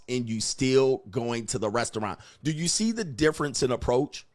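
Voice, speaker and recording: In a sing-song, mid-range voice at normal speed with few pauses, a man delivers a lecturing monologue on dating. The host is blunt and emphatic, cursing and playing out both sides of quoted conversations.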